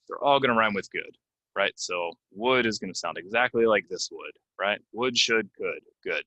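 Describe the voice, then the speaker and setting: A young man with a low but bright, forceful voice teaches English pronunciation. He talks casually, full of ums, then slows right down to model each word carefully. The sound is close and dry. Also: animated, no echo, lo-fi sound. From United States. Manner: slow, stressed model pronunciations with many ums. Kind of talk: casual spoken lesson to learners.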